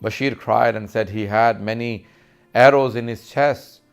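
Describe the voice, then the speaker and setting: A man's voice: medium pitch, steady tone, measured pace, clear, resonant tone, soft background music. A man delivering a mournful sermon, recounting a lament in a grieving, heartfelt tone. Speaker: speaker.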